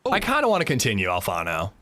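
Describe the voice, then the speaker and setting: A man streaming a game live, chatting casually with viewers, swearing freely and breaking into loud laughs. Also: on the low side, huge pitch swings, fast talker, a crowd in the background. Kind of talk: casual livestream chat while gaming.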